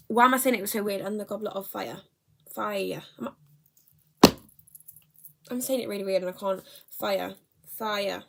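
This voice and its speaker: A woman's voice: medium pitch, moderate pace, long pauses, heavy background noise. A young woman, chatting casually in a book vlog, rambling and correcting herself as she goes. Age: young adult. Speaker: book vlogger. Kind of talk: casual chat.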